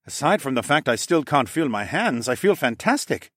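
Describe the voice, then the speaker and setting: A man voicing an eager, cheerful male alchemist in a higher, lively voice. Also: normal speed, no echo, clean studio sound.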